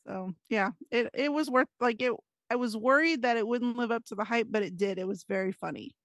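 A woman's voice: on the high side, a little fast, a bit bright, dry recording, studio quality. A woman, likely in her thirties or forties, guesting on a casual podcast and telling personal stories in an earnest, anxious way. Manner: earnest storyteller, anxious, frequent fillers. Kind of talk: casual chat.

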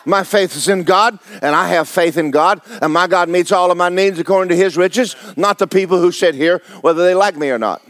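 High-voiced pastor preaching bluntly. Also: male voice, a little fast, hardly any pauses, a bit bright. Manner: blunt, exhorting, rhetorical questions to the congregation. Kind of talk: sermon.

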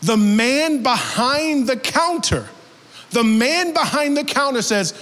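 A young man preaching a sermon as an animated storyteller, dropping his voice low for quoted people and rising to shouts. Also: takes it slowly. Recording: long hall reverb.

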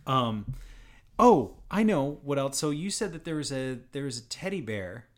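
A man with a mid-pitched voice co-hosting a casual podcast. He nudges the conversation with quick questions and easy interjections. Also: sing-song. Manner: prompting questions, laughs along. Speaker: podcast co-host. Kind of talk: casual chat.

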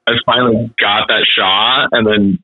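A man's voice: fairly low pitch, fairly even intonation, measured pace, dry recording. Laid-back rambling guy on a tinny line. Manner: laid-back, rambling, heavy on "like" and "dude", swears casually. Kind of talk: casual chat. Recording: dry tinny phone-like line.

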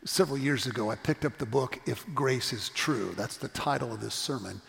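A creaky, fairly bright medium-pitched voice belongs to a middle-aged pastor preaching fairly quickly and with few pauses. Earnestly narrating a story, he repeats his point emphatically, while the sanctuary gives a long church-hall reverb.

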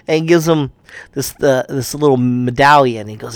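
A man's voice: medium pitch, measured pace, no room sound. A man casually retelling a kung fu movie plot, rambling and swearing, acting out the characters' lines. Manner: rambling, profane, acts out quotes.

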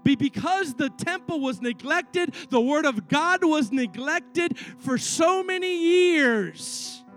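A man's voice: extremely high pitch, animated, takes it slowly, fairly bright tone, faint music behind. A middle-aged man preaching a sermon as pastor, telling stories and building to fervent pleas. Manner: preaching with rising fervor and repeated pleas.

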